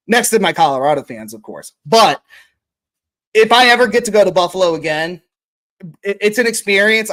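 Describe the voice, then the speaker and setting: A woman co-hosting a casual sports podcast, ranting profanely and with exasperation. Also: lowish voice. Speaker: podcast co-host.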